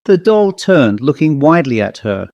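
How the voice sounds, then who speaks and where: A man narrating a horror story in a measured, dramatic manner. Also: a little high, big pitch swings, creaky, darkish tone, dry recording, highs cut off.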